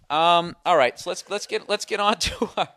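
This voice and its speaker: A man with a high voice hosts a casual comedy podcast, ranting and spinning stories with heavy profanity in an animated way. The audio is clean studio sound with no echo.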